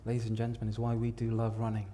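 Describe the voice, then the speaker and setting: A man preaching a sermon in a church, telling the story dramatically, swinging from hushed to loud and repeating words for emphasis. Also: mid-range voice, completely flat delivery, racing, slight background noise.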